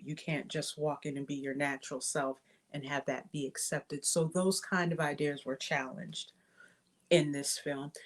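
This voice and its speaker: A woman giving a casual spoken movie review, thinking aloud with many pauses, fillers and restarts. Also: sits low. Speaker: film reviewer.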